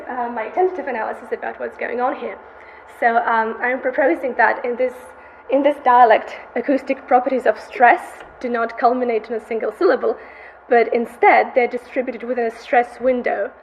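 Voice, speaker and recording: A woman giving an academic conference talk. She walks through slides at a measured pace, with frequent "uh" and "um" fillers as she points to figures. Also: fairly high pitch, reverberant, highs cut off, slight background noise. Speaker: conference presenter.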